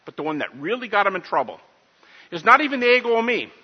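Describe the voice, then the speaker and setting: Animated, husky-voiced man lecturing in a hall. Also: high voice, quick pace. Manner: animated, emphatic, asks the audience questions. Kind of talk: lecture on scripture to a live audience. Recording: dull audio in a reverberant hall.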